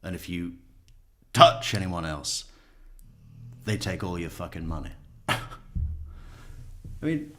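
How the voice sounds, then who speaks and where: Male commentator, lowish voice, rambling, swearing, chuckling through stories. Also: sing-song, slow pace, pauses often, sharp tone. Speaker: true crime commentator. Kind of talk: casual commentary.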